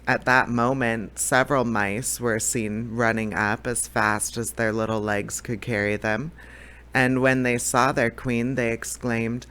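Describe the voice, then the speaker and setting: A man's voice: mid-range voice, little pitch movement, a little slow, sharp tone, clear, resonant tone. A man reading a children's book aloud, unedited, now and then tripping on words and correcting himself. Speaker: storybook reader.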